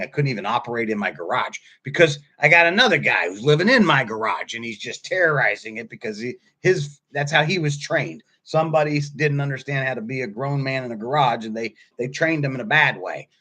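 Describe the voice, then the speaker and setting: A man in his fifties giving a casual sermon, telling stories in a husky voice that swings from quiet asides to loud bursts. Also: mid-range voice, a little fast, few pauses. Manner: animated storytelling, swings from quiet to loud, laughs often. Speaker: pastor.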